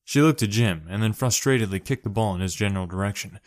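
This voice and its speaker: Low-voiced man reading a story. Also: fast, no echo, studio quality. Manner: steady narration, voices characters. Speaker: story reader.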